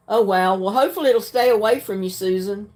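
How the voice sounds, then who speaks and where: An older woman, hosting a casual livestream and answering viewer comments in a frank, plainspoken way, often clearing her throat. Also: medium pitch, darkish tone. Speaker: livestream host.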